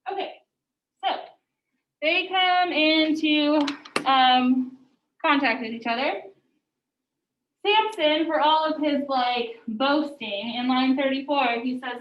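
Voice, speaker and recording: A woman's voice: high-pitched, takes it slowly. A woman teacher explaining a text to her class in a casual lecture, often saying "like". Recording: echoey room, distant mic, muffled.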